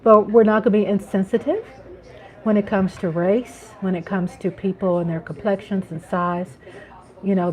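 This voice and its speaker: A woman's voice: mid-range voice, darkish tone. A middle-aged woman from the United States hosting a live chat stream, talking casually, laughing often and greeting viewers by name. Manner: chatty, laughing, reading out chat names.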